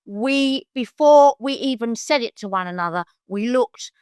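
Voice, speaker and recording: An older London woman with a clear, resonant tone speaks at a measured pace as a psychic guest, telling stories in a casual chat. She animatedly acts out quoted voices in high-pitched bursts, in a dry, studio-quality recording.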